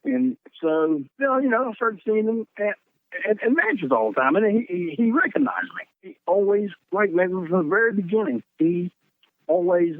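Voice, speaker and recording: Southern man, guest on a call, high-pitched and animated, dry tinny phone sound. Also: no echo. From North Carolina. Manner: animated, profane, laughs mid-story. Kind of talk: casual storytelling.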